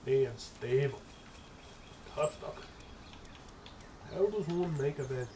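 A young man giving casual let's-play commentary, excitable and profane, chattering to his in-game pet as he plays. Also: medium pitch, takes it slowly, slight background noise. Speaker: gaming streamer.

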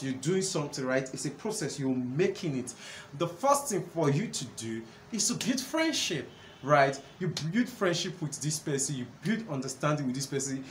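A man hosting a solo talk on relationships, earnest and conversational, often pausing with fillers. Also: medium pitch. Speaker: host, counselor. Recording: echoey room with faint background noise.

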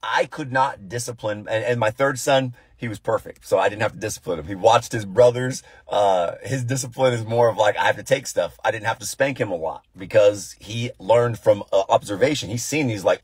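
A man in his thirties, a pastor giving a devotional talk, telling stories with animated, acted-out voices. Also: mid-range voice, a little fast, slightly rough, no echo. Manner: animated storytelling, acting out voices. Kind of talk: devotional sermon.

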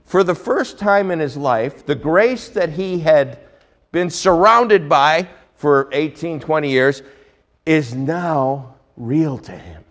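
A male pastor preaching a sermon, telling a Bible story with lively swings between hushed and loud delivery. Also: a little high, slow.

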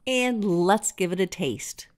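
A woman's voice: mid-range voice, animated, slow. A woman in a casual home cooking vlog, chatting and praising her own food while she eats on camera. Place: home kitchen.

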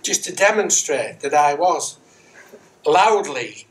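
A middle-aged man preaches a Sunday sermon in a church, his voice sitting a little high for a man. He speaks conversationally, teasing himself with gentle humour and driving his points home with repeated rhetorical questions. The sound comes from a distant microphone with a faint hiss underneath. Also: expressive, slow pace. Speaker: Methodist minister. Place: church sanctuary, indoors.

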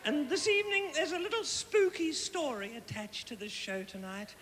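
A man's voice: very high voice, big pitch swings, moderate pace, exaggerated voice. A man playing a flamboyant, gushing aging Australian housewife diva with an Australian accent, giving a live comic stage introduction. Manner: theatrical, gushing, cheekily condescending. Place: huge outdoor concert at a palace. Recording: echoey live arena with loud crowd noise.

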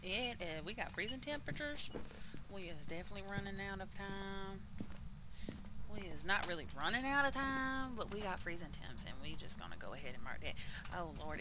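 A woman streamer, chatting casually and reacting loudly as she plays a ghost-hunting game, sometimes whispering. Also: mid-range voice, background noise. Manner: chatty, easily startled, swears and jokes; drops into whispers at times. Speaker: gaming streamer. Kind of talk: casual gameplay commentary.

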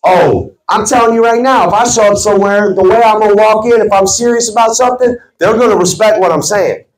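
A man's voice: high voice, fairly quick. A man giving a motivational talk to a sales team, stressing his words with an emphatic, preacherly cadence. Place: team meeting room. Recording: echoey meeting room.

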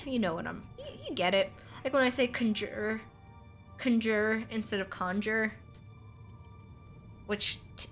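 A young woman streamer from North America rambles over her gameplay with a bright, clear tone and easy giggles. She restarts sentences often and keeps the talk loose and conversational, with quiet music playing faintly underneath. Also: medium pitch. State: voice cracking. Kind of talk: casual gameplay commentary.

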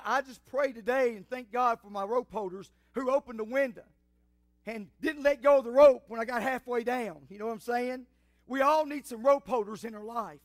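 A pastor preaching a sermon in church, building from quiet storytelling to fiery shouts. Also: male voice, very high-pitched, no echo.

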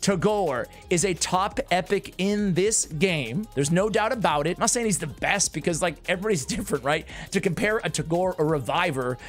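A man's voice: high voice, expressive, moderate pace, few pauses, soft background music. A man giving casual gaming commentary as a game guide creator, rambling with energy and talking straight to his viewers.

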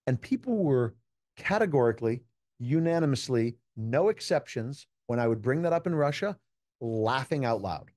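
A man's voice: medium pitch, expressive, normal speed, a little mellow, dry recording, studio quality. A man from the United States, a keynote speaker, talking in a casual interview and telling stories earnestly and reflectively. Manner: earnest, reflective storytelling with quoted dialogue. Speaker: keynote speaker and juggler, podcast guest.

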